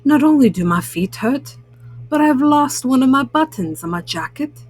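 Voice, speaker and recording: A woman's voice: sits high, lively intonation, normal speed, slightly rough, soft background music. A woman voicing a fussy, grumpy male toad who complains and wails in a children's storybook reading. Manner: complaining, wailing.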